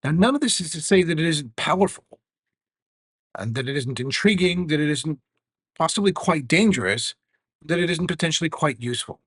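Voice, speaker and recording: Earnest man explaining, slightly higher voice. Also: animated, a bit bright, breathy edge, no echo. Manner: measured, earnest, some fillers. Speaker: teacher demonstrating AI tools. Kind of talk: explanatory lesson with live demo.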